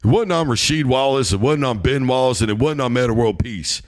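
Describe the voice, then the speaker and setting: A man's voice: medium pitch, animated, fairly quick. A man hosting a sports talk show, giving a heated, emphatic opinion monologue.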